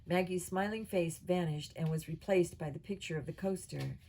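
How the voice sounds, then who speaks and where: A woman reading a children's novel aloud at a steady pace, with small slips and restarts. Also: on the low side, normal speed, slight background noise, low-quality recording. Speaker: audiobook reader.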